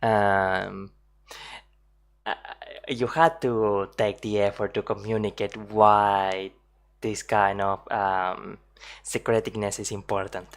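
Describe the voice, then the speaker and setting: A woman's voice: very deep voice, flat delivery, takes it slowly. A woman streaming her reactions to video clips, chatting casually with frequent laughs and fillers.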